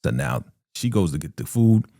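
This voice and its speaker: A man's voice: rumbling low, big pitch swings, normal speed, creaky, warm tone, dry recording, studio quality. A man doing a casual, slangy recap of a TV episode, retelling it with animation and briefly acting out the characters' lines. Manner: slangy and conversational.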